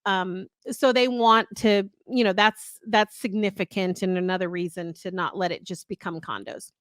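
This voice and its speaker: A woman's voice: medium pitch, fairly even intonation, normal speed, a bit bright, no room sound. An earnest middle-aged woman tells a long personal story in casual podcast chat. She rambles and restarts her sentences a lot. Her voice is dry and close, with no room sound. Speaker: podcast co-host.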